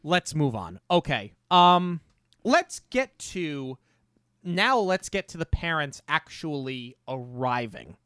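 A chatty, opinionated co-host rambles through a film review. The voice swoops around with very lively pitch. It is recorded close and dry, with no room sound. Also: takes it slowly, smooth, no room sound. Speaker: podcast co-host. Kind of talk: casual film-review chat.

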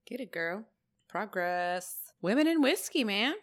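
A woman co-hosting a casual chat while tasting whiskey, teasing and reacting quickly. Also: mid-range voice, sing-song. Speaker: podcast co-host.

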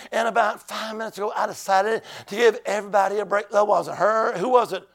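A man preaching as an evangelist in a church, shouting in rhythmic bursts and breaking into tongues. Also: high voice, fairly even intonation, brisk, few pauses. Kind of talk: sermon. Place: church with a keyboard player.

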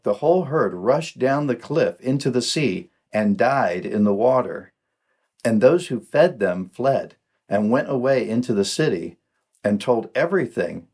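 A man hosting a podcast, giving a slow, measured scripture reading. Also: on the low side, darkish tone. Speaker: podcast host.

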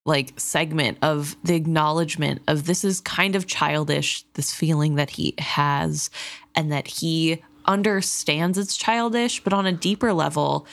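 A woman co-hosting a podcast, reflectively analyzing a book. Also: deep voice. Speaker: podcast co-host. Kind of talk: book discussion.

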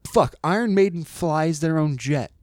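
A man, a guest bass player, chatting casually on a podcast in a studio, talking in an animated, profane, ranting way. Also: normal speed, no room sound. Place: recording studio.

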